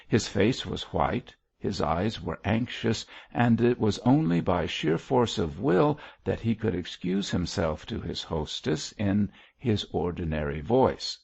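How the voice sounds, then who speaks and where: Slow, gravelly male audiobook narrator. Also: on the low side, lively intonation, darkish tone, muffled recording. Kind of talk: scripted narration.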